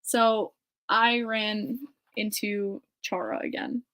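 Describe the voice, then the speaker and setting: A woman hosting her own podcast in casual, excited chat, gushing and laughing often. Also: mid-range voice, slow. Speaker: podcast host.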